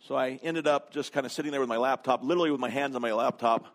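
A man's voice: mid-range voice, racing. A man preaching a sermon, telling a story conversationally, with humor and frequent fillers. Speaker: pastor.

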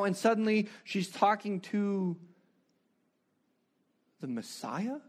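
A preacher delivering a sermon, retelling a story with animated rhetorical questions. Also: male voice, high voice, unhurried.

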